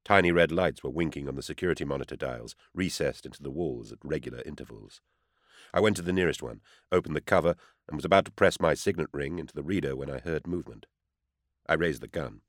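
Deep-voiced man narrating an audiobook. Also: no echo. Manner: measured, tense storytelling. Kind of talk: first-person audiobook narration. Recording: dry close studio sound.

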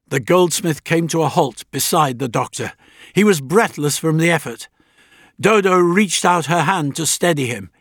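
A man reading a story aloud in a measured, dramatic narrating style. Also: a little high, a bit bright, no room sound, clean studio sound. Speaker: audiobook narrator. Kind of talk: scripted narration.

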